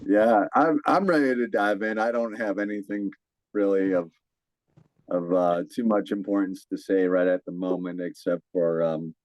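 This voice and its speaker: A man's voice: sits low, steady tone, moderate pace, darkish tone, dry recording, low-quality recording. A young man hosting a casual podcast from home, upbeat and laughing often, sometimes stumbling over his words. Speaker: podcast host.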